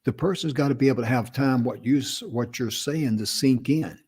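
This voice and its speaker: Older male co-host from North Carolina, husky, slow and deliberate, casual advice chat. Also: medium pitch, darkish tone. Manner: slow, deliberate, carefully pronounced speech.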